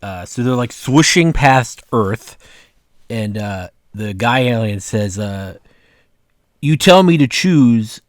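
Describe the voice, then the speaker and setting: A man's voice: medium pitch, no room sound, studio quality. A man casually talking through his own cartoons, rambling and filling his talk with "like" and "uh". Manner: rambling, full of "like" and "uh" fillers. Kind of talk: casual vlog commentary.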